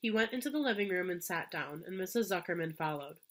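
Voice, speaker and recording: A woman's voice: fairly low pitch, lively intonation, fast talker, fairly bright tone. Woman teacher reading a storybook aloud. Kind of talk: storybook read-aloud for children.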